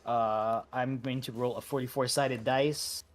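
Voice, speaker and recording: A man leading a game raid over voice chat, talking in a relaxed, halting way with many fillers and restarts. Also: mid-range voice, soft background music. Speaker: raid leader.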